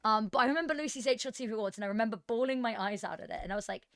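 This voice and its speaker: Woman esports caster, chatty storyteller, slightly high voice, dry close headset. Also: very fast, dry recording. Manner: chatty, self-deprecating, storytelling. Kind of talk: casual co-caster chat.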